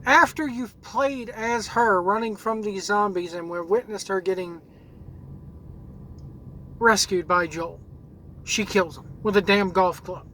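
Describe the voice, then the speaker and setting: A man's voice: high-pitched, unhurried, pauses often, bright, forceful tone, a little hiss or hum, low-quality recording. A man hosting a gaming channel who rants angrily about a video game, swearing and repeating words as he searches for what to say. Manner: angry, profane, repeats words while searching for them. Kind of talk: ranting video game commentary.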